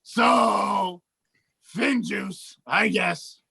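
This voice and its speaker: A man's voice: high-pitched, very slow, creaky, bright, forceful tone, slightly rough, dry recording. A man co-hosting a casual wrestling podcast, blunt and jokey. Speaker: podcast co-host. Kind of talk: casual chat.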